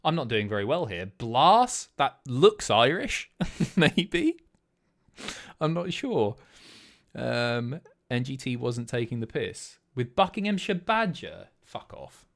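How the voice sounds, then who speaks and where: Chatty man, lively voice. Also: medium pitch, slow pace. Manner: chatty, swearing, guessing aloud. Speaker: streamer host. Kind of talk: casual chat reading chat.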